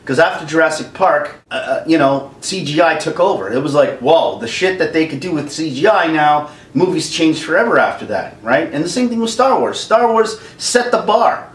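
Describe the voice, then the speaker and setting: A man in his forties ranting casually as a vlogger, animated, laughing often and acting out quotes. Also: on the high side, moderate pace, few pauses. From Canada. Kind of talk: casual rant. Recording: roomy, distant mic.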